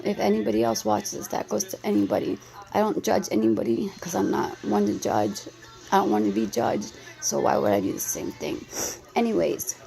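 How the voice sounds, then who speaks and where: A woman's voice: on the high side, gravelly, dark tone. A woman in her thirties from the United States, talking anxiously and rambling in an emotional vlog response, with many restarts. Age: 30s.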